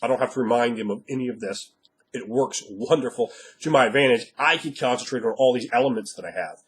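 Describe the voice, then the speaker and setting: A man coaches other game masters in a blunt, emphatic monologue and swears freely to drive his points home. His voice is husky and a little hoarse from a recent cold. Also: mid-range voice, fast talker. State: slightly hoarse after a cold. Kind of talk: instructional monologue.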